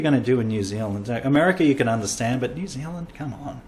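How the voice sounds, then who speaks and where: A man's voice: mid-range voice, fast talker, hardly any pauses, a little mellow, slight background noise. An Australian man, a comedian hosting a casual podcast, rambling through travel stories and acting out quoted lines.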